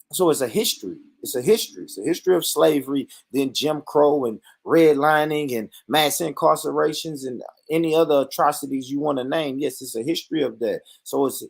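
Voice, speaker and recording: A man's voice: medium pitch, gravelly, a little mellow, breathy edge. A man with an African American English accent hosting a casual discussion, talking bluntly and emphatically with heavy profanity. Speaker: host. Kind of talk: casual talk-show discussion.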